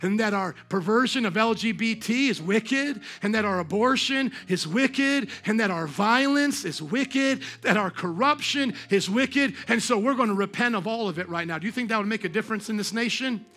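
A man preaching a sermon to his congregation, passionate, swinging from quiet talk to shouting and asking them questions. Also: sits high, normal speed, hardly any pauses. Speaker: pastor. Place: church service.

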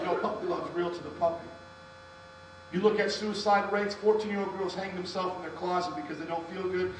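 Male pastor, high voice, storytelling sermon, booming hall sound, mic well off, low mains hum. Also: little pitch movement, brisk, recorded from a distance. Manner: storytelling preacher, calls on the congregation to respond.

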